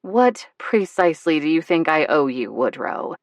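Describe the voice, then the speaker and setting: A woman narrator voicing a soft-spoken, sincere grown woman with a low, sweet voice in an audiobook. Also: big pitch swings, moderate pace, dry recording. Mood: gentle.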